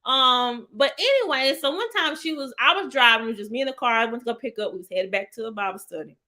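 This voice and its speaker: A woman's voice: on the high side, expressive, fast talker, pushed and bright. A woman, hosting a casual live talk and speaking straight to her viewers as y'all. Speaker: host of a live healing talk. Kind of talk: live-stream chat.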